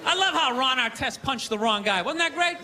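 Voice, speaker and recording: A male stand-up comedian performing a sarcastic, ranting set on a theater stage, often breaking into shouts. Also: extremely high pitch, lively intonation, fairly quick, crowd noise. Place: theater stage before a live audience. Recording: live theater recording with audience laughter and noise.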